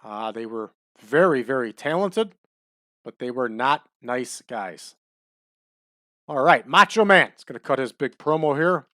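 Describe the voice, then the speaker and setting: A man giving relaxed, chatty commentary over a wrestling management game, adding trivia as he goes. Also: medium pitch, a little slow, dry recording, studio quality. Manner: laid-back, chatty, adds wrestling trivia.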